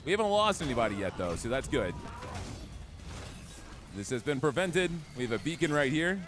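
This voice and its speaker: A young man commenting excitedly on his gameplay, chatty and trash-talking enemies as he streams. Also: medium pitch, normal speed. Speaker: gaming streamer. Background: game music.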